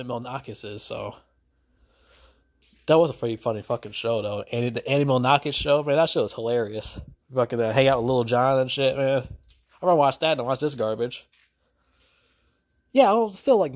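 Man, crude film rant, constant swearing, pitch jumping up when worked up. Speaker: film reviewer. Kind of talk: profane rant to camera.

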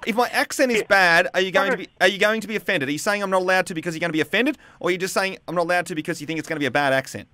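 A man's voice: sits high, sharp tone, slight background noise. A cheeky man from Australia, hosting breakfast radio banter on a studio mic. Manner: cheeky, laughing, quick back-and-forth. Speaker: radio host.

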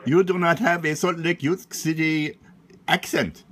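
A man with a fairly high voice calls in and plays dumb, teasing the person on the other end. A faint noise sits under his voice. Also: steady tone, a little slow, fairly bright tone. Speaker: caller. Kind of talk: phone call.

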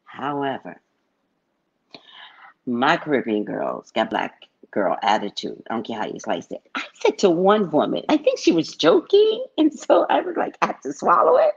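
A middle-aged woman from California, telling stories in an animated, chatty live-stream chat. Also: extremely low pitch, normal speed, vocal fry, husky. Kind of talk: casual storytelling chat. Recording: dull lo-fi recording.

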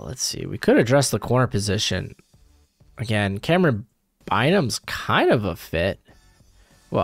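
Animated young man rambling through picks. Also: lowish voice, vocal fry, no echo. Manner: rambling, self-correcting, animated. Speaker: YouTube mock draft host. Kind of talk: casual live commentary.

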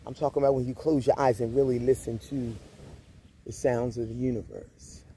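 A man's voice: medium pitch, brisk, a little hiss or hum. A man chatting casually to his viewers at the beach, telling stories and repeating his phrases. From Grenada. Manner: relaxed, storytelling, uses y'all and repeats phrases. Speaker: vlogger. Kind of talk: casual vlog chat. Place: outdoors at a beach.

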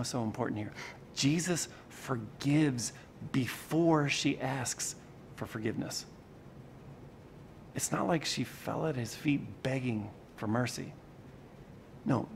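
A man preaching a sermon in a conversational, animated way, with sudden shifts in loudness for emphasis. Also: medium pitch, vocal fry, slight background noise. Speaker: pastor.

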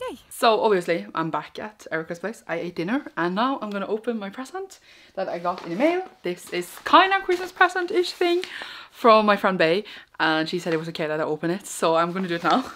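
A woman's voice: lowish voice, fairly bright tone, slight background noise. A young woman from Norway, speaking English, chats in a rambling, giggly way while she unboxes things for her vlog. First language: Norwegian. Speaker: vlogger. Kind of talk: casual vlog chat.

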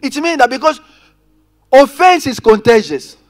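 A man preaching a sermon as pastor, calling out to his congregation and swinging between loud emphasis and quiet asides. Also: very high voice, animated, unhurried, soft background music. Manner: preaching with rising and falling intensity, addressing congregation directly. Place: church.

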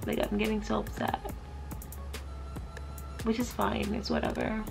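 A young woman vlogging in a loose, chatty way, swearing freely and thinking out loud. Her voice has a gravelly, fried edge at a middle pitch. Faint music plays softly behind her. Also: level tone, measured pace. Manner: profane, chatty, thinking aloud. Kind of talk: casual vlog chat.

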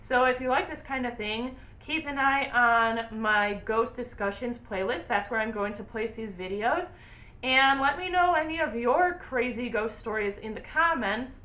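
Young woman vlogger, bright voice, high-ish, blunt storyteller, dull lo-fi sound. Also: unhurried. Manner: animated, candid, blunt. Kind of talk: casual storytelling to camera.

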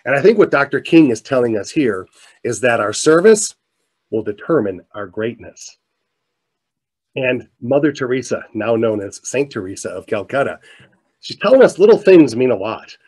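A middle-aged man telling a story in a keynote talk, animated, his voice climbing as he gets excited. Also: medium pitch, moderate pace, slightly rough. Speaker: motivational speaker. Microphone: presentation mic, virtual showcase.

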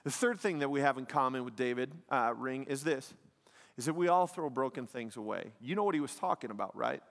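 Speaking a little fast with some vocal fry, a male pastor preaches from a church sanctuary in a mid-range voice full of lively intonation. He's emphatic and chatty, sprinkling "man" and "like" between points, and the sound carries a large hall's long reverb.

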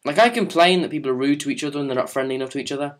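Racing along in a voice on the high side, a young male vlogger shares a story and takes viewer questions in a loose, sarcastic, rambling way, swearing frequently and starting over.

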